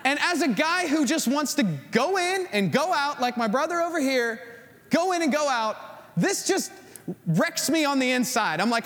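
A man preaching a sermon to a congregation, acting out stories in an animated way. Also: extremely high pitch, normal speed, in a large hall. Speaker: pastor.

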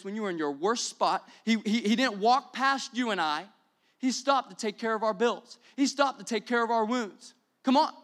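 A young man preaching a sermon as pastor, energetic and repetitive, building to exclamations. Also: high voice.

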